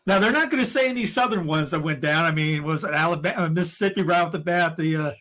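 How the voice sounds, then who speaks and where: High-voiced heated man. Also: fast talker, pushed and bright. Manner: rambling, heated, many restarts and fillers. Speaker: podcast co-host. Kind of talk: casual opinion chat.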